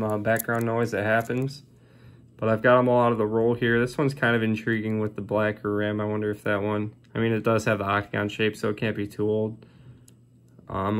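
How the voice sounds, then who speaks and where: Sorting coins for his coin roll hunting channel, a man narrates casually, calling out the dates one after another in a low-key way.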